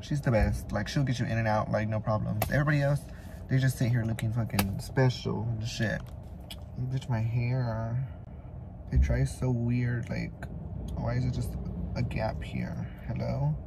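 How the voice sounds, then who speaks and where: A man's voice: mid-range voice, fairly even intonation, moderate pace, gravelly, noisy background. A young man vlogging, chatting to the camera in a sassy, swear-filled way, first at home, then in his car and at a dealership. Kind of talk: casual chat to camera.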